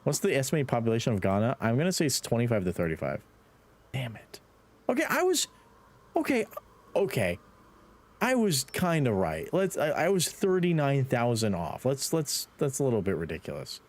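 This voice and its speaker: Lively Irish man streaming a game. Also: mid-range voice, normal speed. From Ireland. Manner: playful, swears, laughs, talks to chat. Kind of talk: live gaming stream chat.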